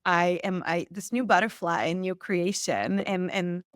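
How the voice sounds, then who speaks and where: A woman guest on a podcast, telling a personal story with lively acted-out quotes. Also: fairly low pitch, a little slow, no room sound, studio quality. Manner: animated, acts out quoted lines. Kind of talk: storytelling in an interview.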